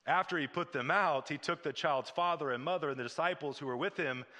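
A man's voice: a little high, a little fast, pushed and bright, long reverb tail. A man preaching a sermon as pastor, repeating short declarations and building to fervent exhortation.

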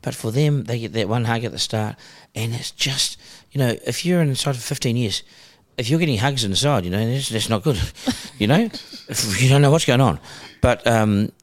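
A middle-aged New Zealand man, a broadcaster, telling stories in a casual, animated way and acting out phone calls. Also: mid-range voice, normal speed, few pauses. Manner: animated, acts out phone calls in character voices. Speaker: broadcaster guest. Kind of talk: casual storytelling.

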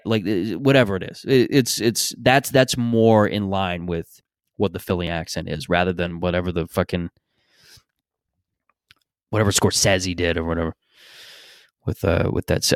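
A man's voice: low voice, dry recording, studio quality. A man hosting a podcast in a casual, rambling, opinionated monologue, swearing freely. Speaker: podcast host.

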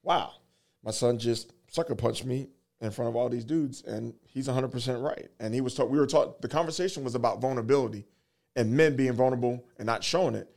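A man in his forties telling a personal story earnestly, in halting phrases, holding back tears. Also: medium pitch, gravelly, darkish tone. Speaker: guest, fatherhood program worker.

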